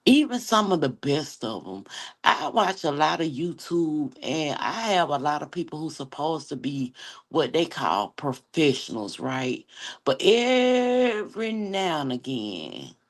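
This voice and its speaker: A livestream host from Atlanta, Georgia, chats sassily with her viewers in a Southern accent, telling animated, slang-filled stories. Her voice is deep and her pace unhurried.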